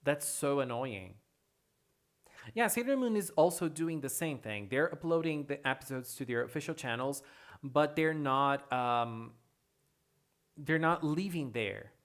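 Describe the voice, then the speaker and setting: A streamer hosting a casual livestream, chatting with viewers and answering chat in an excitable way, often repeating phrases. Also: medium pitch, a little slow. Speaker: livestream host reading chat.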